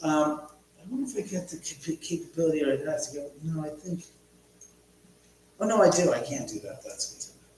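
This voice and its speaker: A man's voice: on the high side, animated, a little fast, darkish tone. A middle-aged man hosting a casual livestream from home, telling rambling stories and reading viewer comments aloud. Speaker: livestream host. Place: large echoey room at home. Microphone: laptop mic from a distance. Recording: very echoey, distant, faint hum.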